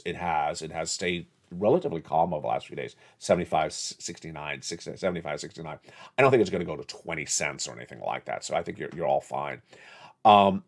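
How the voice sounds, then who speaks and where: A middle-aged man hosting his own channel, giving blunt economic commentary straight to viewers and laughing as he scolds them. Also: deep voice. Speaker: channel host. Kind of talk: direct-to-camera economic commentary.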